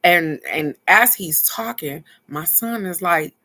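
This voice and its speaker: A woman telling viewers a personal story in a casual, earnest way, pausing to reflect and speaking straight to her audience. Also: lowish voice, expressive, bright, forceful tone. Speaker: spiritual card-reading host.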